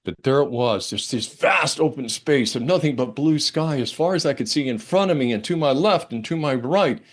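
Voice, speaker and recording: An older man preaches at a church service with a mid-range voice, neither high nor low. He tells a personal story in a relaxed, conversational way, with fillers and restarts. He swings between a quiet hush and lively excitement. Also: normal speed. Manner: expressive, dramatic storytelling with big swings between hushed and excited. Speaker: minister.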